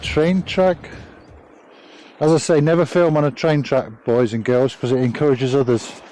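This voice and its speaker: A man's voice: medium pitch, fairly even intonation, moderate pace, noisy background. Chatty, swearing man outdoors. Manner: chatty, jokey, swears freely. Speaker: vlogger. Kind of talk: casual travel vlog. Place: outdoors on a cycling trip.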